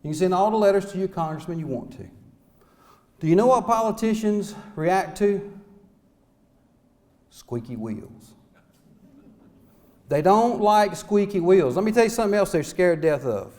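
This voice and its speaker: A man's voice: high voice, lively intonation, a little fast, darkish tone. A middle-aged man, a small-town mayor giving an impassioned, folksy speech full of rhetorical questions at a conference. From North Carolina. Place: conference hall.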